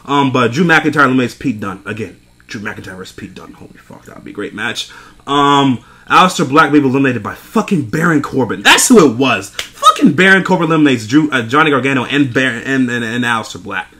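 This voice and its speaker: A man's voice: mid-range voice, very animated, fast talker, bright, forceful tone. A young man recapping a wrestling event in a casual, profane rant, exasperated and laughing between points. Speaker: wrestling show reviewer.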